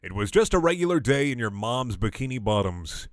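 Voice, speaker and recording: A young man performs a comedic dramatic reading of fan fiction for online audiences, repeatedly breaking off into exasperated, sarcastic, sweary rants. His medium-pitched voice is sing-song and brisk, recorded at studio quality with no echo.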